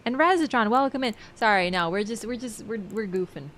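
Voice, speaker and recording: A woman's voice: fairly high pitch, lively intonation, brisk, fairly bright tone, a little hiss or hum. A woman streaming a game, chatting casually with her viewers and laughing often. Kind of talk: casual live-stream chat.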